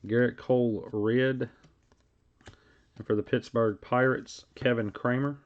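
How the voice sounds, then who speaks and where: A man's voice: mid-range voice, fairly even intonation, measured pace. A man hosting a live card break stream. He talks in casual, rambling asides and reads card names aloud as he goes. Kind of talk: casual live-stream chat while opening card packs. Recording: dull lo-fi stream audio.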